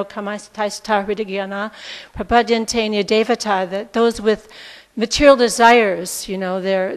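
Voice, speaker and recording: A woman teaching a scripture class, retelling the story in a chatty, casual way. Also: mid-range voice. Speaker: spiritual teacher. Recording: reverberant hall.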